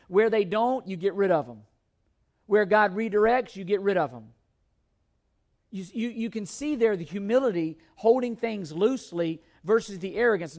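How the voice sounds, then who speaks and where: This preacher has a high-pitched, expressive voice with a somewhat dark tone, moving at a moderate pace. Between comments he reads passages of scripture aloud, then explains them earnestly and with emphasis, frequently starting over and repeating himself.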